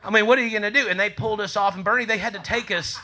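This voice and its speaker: A man telling a profane, animated story on a comedy club stage, swearing and laughing through his lines. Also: sits high, rapid-fire.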